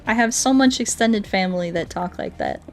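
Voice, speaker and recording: A woman's voice: medium pitch, wildly swooping pitch, fairly quick. American woman, game streamer, casual playful chat, faint music behind. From United States. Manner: chatty, playful, laughs often, talks to chat and animals.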